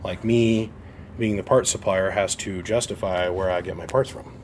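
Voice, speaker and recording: Speaking low and at a moderate pace, with fairly even intonation, an amp repair shop owner recounts a casual story to camera. He sounds blunt and put-upon, voicing both ends of phone conversations, and there's a faint hiss or hum.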